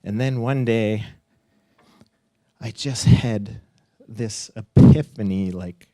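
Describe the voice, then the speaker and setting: Animated man telling his story. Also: slow, no room sound, studio quality. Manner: animated, acts out quotes with big pitch jumps, laughs and swears. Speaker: storyteller on stage. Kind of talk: personal story told live. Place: live event stage.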